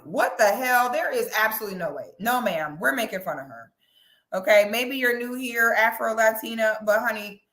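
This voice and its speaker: Sassy woman commentator, bright voice, echoey room. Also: on the high side. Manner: sassy, animated, breaks into loud laughing shrieks. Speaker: commentary vlogger. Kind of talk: casual reaction commentary.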